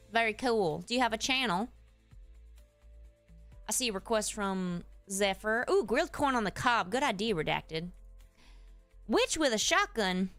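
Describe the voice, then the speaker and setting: A woman's voice: a little high, bright, forceful tone, clean tone, dry recording, exaggerated voice. A woman doing folksy Southern-drawl streamer Yan. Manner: folksy, addresses chat as y'all. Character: folksy Southern streamer character, easygoing and chatty. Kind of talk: live stream chat while playing.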